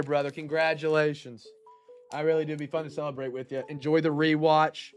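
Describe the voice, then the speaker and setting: A man hosting a live card break, excitable and shouting over big pulls, with a stuffed nose. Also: fairly high pitch, fairly quick, over music.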